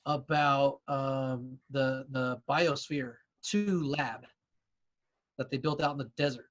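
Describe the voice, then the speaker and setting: A man's voice: medium pitch, steady tone, slow pace, lo-fi sound. A man co-hosting a podcast, explaining his points casually with many "you know"s and restarts. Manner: hesitant, many fillers and restarts, explains with examples. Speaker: podcast co-host. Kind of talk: casual chat.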